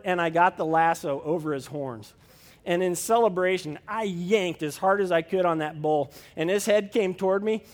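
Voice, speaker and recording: A man's voice: high voice, in a large hall. A man pastor preaching a sermon and telling a personal story in a folksy way, with many fillers.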